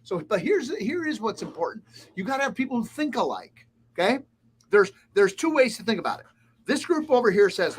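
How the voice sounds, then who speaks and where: A man's voice: sits high, big pitch swings, normal speed, long pauses, slightly rough. Blunt, emphatic man talking shop. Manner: blunt, emphatic, lists points. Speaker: guest, restaurant consultant. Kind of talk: casual interview talk.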